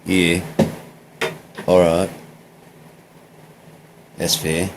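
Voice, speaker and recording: A man's voice: sits low, fairly even intonation, takes it slowly, long pauses, a little hiss or hum. An American man talking casually in a meandering, drifting monologue, trailing off and jumping between topics. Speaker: vlogger recording a personal journal.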